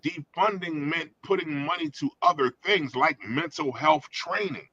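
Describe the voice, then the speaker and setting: Bright-voiced man ranting, swearing. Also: on the high side, measured pace, husky, no room sound, muffled recording. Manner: emphatic, profane, opinionated. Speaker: podcast co-host. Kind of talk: casual chat.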